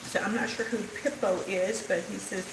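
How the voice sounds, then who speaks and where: A woman's voice: mid-range voice, fairly even intonation, moderate pace, roomy sound, noisy background. An older woman with a Texan Southern drawl, hosting a casual livestream from her home kitchen, chatting and answering viewer comments as she cooks. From Texas. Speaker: host. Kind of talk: casual livestream cooking chat.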